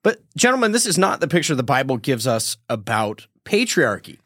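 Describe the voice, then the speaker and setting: Lively-voiced man hosting a podcast. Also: mid-range voice, brisk, no echo, clean studio sound. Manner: addresses listeners directly, earnest. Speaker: podcast host. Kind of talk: podcast introduction and discussion.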